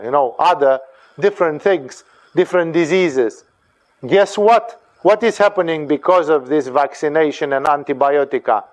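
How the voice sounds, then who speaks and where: Slightly high-voiced man teaching scripture. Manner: deliberate, emphatic, repeats phrases. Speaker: spiritual teacher. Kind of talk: sermon-like scripture commentary.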